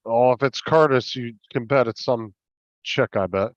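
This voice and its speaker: A mid-pitched man tells stories and chats on a livestream. His voice comes across a little dull and lo-fi, with a very dry sound close to the mic. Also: normal speed, dry recording. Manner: chatty storyteller. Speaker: livestream co-host. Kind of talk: casual chat.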